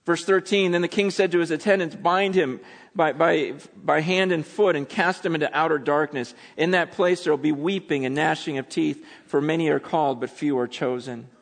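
A man preaching a sermon, acting out quotes with dramatic swings between loud and hushed delivery. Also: a little high, normal speed, gravelly. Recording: long hall reverb.

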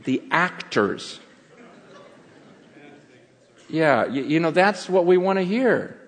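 A middle-aged man preaching a sermon as pastor, telling the story in an animated way that swings from loud to hushed. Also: a little high, slow. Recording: long reverb of a large hall.

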